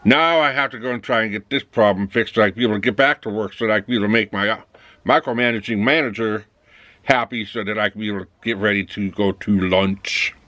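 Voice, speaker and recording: A man's voice: lowish voice, fast, bright, forceful tone, no echo. A man talking casually in a rambling monologue, acting out both sides of little office dialogues. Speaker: vlogger.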